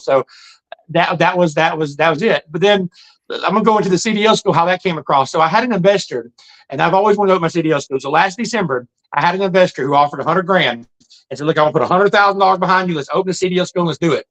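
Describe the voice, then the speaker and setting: A middle-aged man tells his life story in a high voice. He talks fast and plainly, with an earnest, folksy manner. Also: fairly bright tone, rough recording. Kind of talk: casual storytelling monologue.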